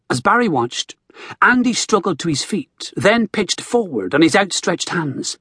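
A male audiobook narrator, reading with expressive storytelling. His slightly husky voice moves animatedly through its pitch, and the recording is dry and close. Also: a little slow, no room sound. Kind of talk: scripted narration.

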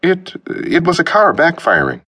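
A man's voice: medium pitch, big pitch swings, moderate pace, a bit bright, a little hiss or hum, pitched above the performer's own voice. A male narrator voicing a nervous, hapless young man who stammers and sounds flustered.

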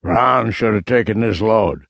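A man voicing a loud, raspy, mocking father in his sixties who speaks with contempt in a bass roar. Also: unhurried, no echo, full character voice. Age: 60s. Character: loud raspy bully father, sixty-eight.

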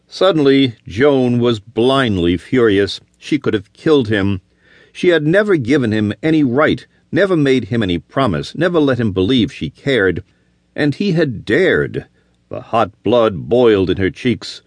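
A man's voice: mid-range voice, very animated, measured pace, dry recording. A man reading a western novel aloud as an audiobook narrator, telling the story expressively. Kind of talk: scripted narration.

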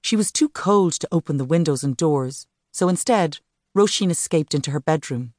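Low-voiced woman reading a novel. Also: expressive, moderate pace, a little mellow, no echo, studio quality. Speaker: audiobook narrator. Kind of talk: scripted narration.

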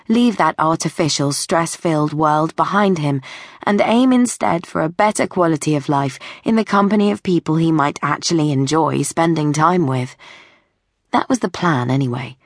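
A woman narrating a novel in a measured, wry storytelling manner. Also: deep voice, no room sound, clean studio sound. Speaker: audiobook narrator. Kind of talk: scripted audiobook narration.

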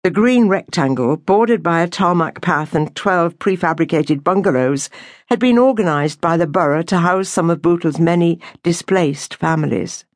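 A woman reading an audiobook novel aloud in a measured, unhurried storytelling manner. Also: fairly low pitch, dry recording, studio quality. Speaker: audiobook narrator. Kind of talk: scripted narration.

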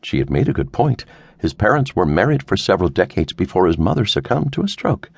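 Gravelly male audiobook narrator. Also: on the low side, sing-song, no room sound. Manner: measured storytelling. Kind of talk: scripted narration.

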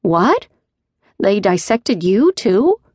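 A woman voicing a small, cheeky male creature who is always hungry and talks in a high, whiny, pleading way. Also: big pitch swings, extremely slow, a little mellow, husky, dry recording, exaggerated voice. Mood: nosy.

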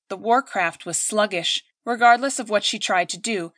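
A woman reading an audiobook aloud in steady, clear scripted narration. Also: mid-range voice, moderate pace, dry recording, studio quality.

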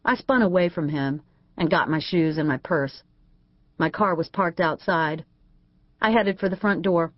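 A woman narrating a first-person audiobook in a lively, wry storytelling manner. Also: fairly low pitch, no echo, lo-fi sound.

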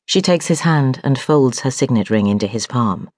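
A woman reads a historical novel aloud, unhurried and measured. Her voice is husky and breathy, and the close recording is completely dry. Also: very deep voice, lively intonation, a little mellow, no room sound. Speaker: audiobook narrator. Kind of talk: scripted narration of a historical novel.

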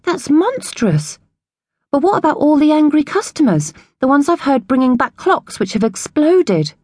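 A woman's voice: mid-range voice, lively intonation, normal speed, warm tone, no echo, pitched above the performer's own voice, lightly acted. A tiny, spirited storybook girl, put on by a woman narrator, her voice lifted well above a grown woman's and full of indignant emphasis. The reading is close and dry, with no room sound. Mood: outraged. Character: tiny spirited young girl, three inches tall.

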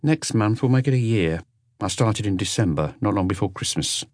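A man reading an audiobook, voicing an older woman cleaner and ex-convict who answers calmly and bluntly, without fear. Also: fairly low pitch, moderate pace, no room sound, clean studio sound. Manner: calm, unflinching, blunt.

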